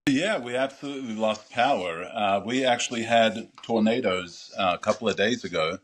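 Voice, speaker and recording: Deep-voiced rambling podcast host. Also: male voice, normal speed. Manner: rambling, circling questions with many fillers. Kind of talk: casual podcast interview.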